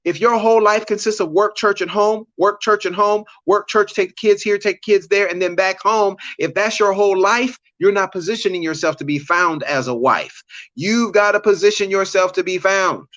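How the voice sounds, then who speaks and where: A man's voice: high-pitched, moderate pace, fairly bright tone, dry recording. A man hosting a live relationship-coaching chat, greeting viewers by name between preacherly points and slangy asides. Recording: dull lo-fi dry sound.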